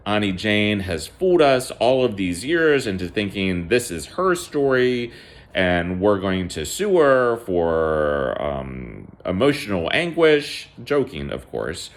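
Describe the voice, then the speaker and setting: A man casually telling a family story in a halting way, with many fillers and restarts. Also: fairly low pitch, sing-song.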